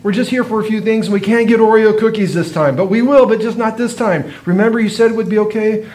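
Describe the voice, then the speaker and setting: Guy doing a patient mom talking her kid down, gentle and reassuring. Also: sits high, fast talker, pitched above the performer's own voice, close to an everyday voice. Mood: soothing. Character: patient mother soothing her young son.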